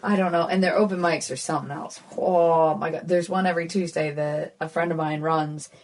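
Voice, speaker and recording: A woman's voice: low-pitched, fairly even intonation, brisk, darkish tone. A woman in her thirties with an American accent, a guest comedian chatting casually on a podcast, self-deprecating and full of fillers. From United States.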